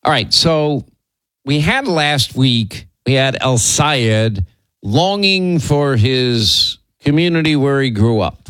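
A man hosting a political commentary show, talking in a sardonic, rambling way with quick asides. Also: medium pitch, animated, fairly bright tone, dry recording. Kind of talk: casual opinion commentary.

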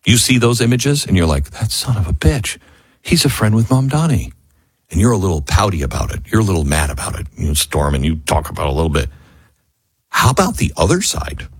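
Husky, animated talk radio host man. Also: medium pitch, dry recording. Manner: emphatic, swings from loud to hushed. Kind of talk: opinionated talk radio monologue. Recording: dry studio mic.

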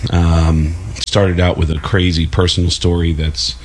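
A man, a comedian guest, telling a comic story on a radio show and building up to shouted punchlines. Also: sits low, level tone, unhurried, breathy edge.

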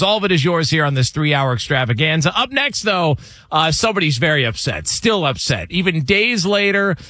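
A man hosting a sports radio show, moving from laughing banter into a smooth sponsor read. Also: fairly high pitch, bright, forceful tone, dry recording. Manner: upbeat, laughs often, smooth promo reads.

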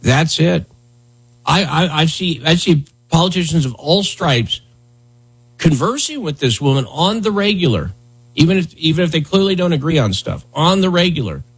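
A man's voice: on the high side, big pitch swings, normal speed, breathy edge, rough recording. A man hosting a political commentary show, talking bluntly and heatedly, often repeating himself.

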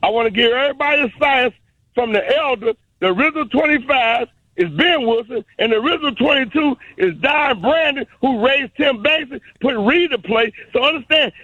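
A man's voice: very high-pitched, sharp tone, slightly rough, no room sound. Insistent older man on a muffled phone. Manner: preachy, insistent, speaks in proclamations. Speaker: caller, community elder. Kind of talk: phone-in tribute.

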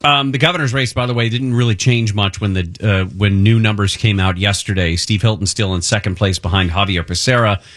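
Male radio co-host, low pitch, dry studio sound, loose and joking. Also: steady tone, brisk, hardly any pauses, fairly bright tone, no echo. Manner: loose, joking, rambling delivery. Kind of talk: casual talk radio chat.

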